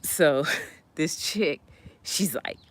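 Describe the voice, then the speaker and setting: A woman telling stories casually to her live chat, animated and laughing often. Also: extremely slow. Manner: animated, laughs often, jumps high when retelling. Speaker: live streamer chatting with viewers.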